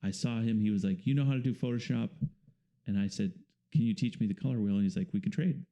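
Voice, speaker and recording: Here a male painter, interviewed as the guest, talks in a laid-back, meandering way, leaning on fillers as he explains things. His pitch is fairly low and his pace quick.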